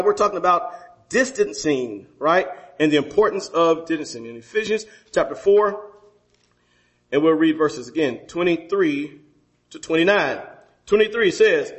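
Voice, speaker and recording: A high-voiced man preaching to his congregation. He keeps asking them questions and leaps upward for emphasis before sinking back down low. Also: fairly bright tone. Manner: preacherly, rises sharply for emphasis then drops low; engages the congregation with rhetorical questions. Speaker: pastor. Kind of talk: sermon.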